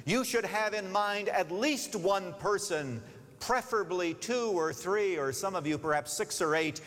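A man's voice: high-pitched, measured pace. A man preaching a sermon, telling stories with expression and giving the characters their own voices as he urges his listeners. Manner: expressive storytelling, voicing characters, urging listeners. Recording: long reverb of a large hall.

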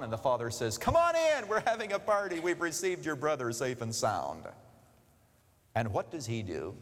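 Animated male preacher in a reverberant hall. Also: medium pitch. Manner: expressive storytelling, voicing characters, urging listeners. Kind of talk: sermon. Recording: long reverb of a large hall.

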